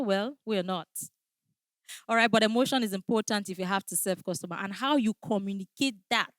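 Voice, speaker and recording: A woman's voice: medium pitch, no echo. Woman giving a customer service class, stresses her points, keeps asking "all right?", medium voice. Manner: emphatic, repeats key phrases, checks in with "all right?". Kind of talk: training lecture.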